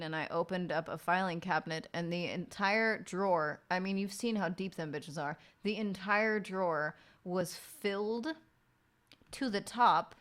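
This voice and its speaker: A woman's voice: medium pitch, a bit bright. A woman streamer telling a wild family story in casual chat, dramatic and profane.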